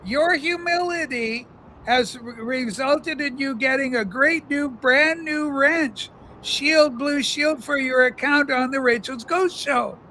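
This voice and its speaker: High, bright-voiced man hosting a livestream. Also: slow, a little hiss or hum. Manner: mock-solemn, reading chat aloud with playful exaggeration. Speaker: livestream host. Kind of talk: casual livestream chat. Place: in his car.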